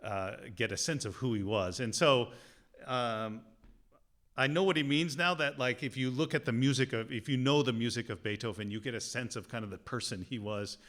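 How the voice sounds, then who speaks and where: A man's voice: mid-range voice, moderate pace, fairly bright tone. A man giving an informal piano lecture, talking casually with many fillers and humming musical phrases aloud.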